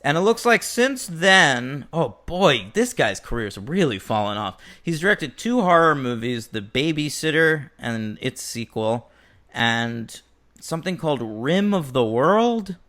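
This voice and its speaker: A man's voice: fairly high pitch, big pitch swings, a little slow, a bit bright. A man chatting casually and joking as host of a film podcast. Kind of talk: casual chat.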